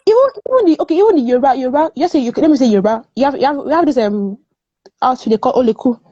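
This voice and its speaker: A woman's voice: sits high, lively intonation, racing, warm tone, no echo, highs cut off. A woman from Nigeria, speaking as a guest in a casual discussion. She is emphatic, repeats words and laughs often. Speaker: guest panelist.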